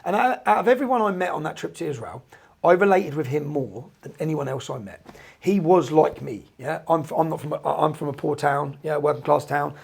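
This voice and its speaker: A man with an English accent, a guest recounting conversations in an animated way and tagging his sentences with "yeah?". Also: a little high, fairly quick, vocal fry, slightly rough. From England. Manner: recounts dialogue, frequent "yeah?" tags.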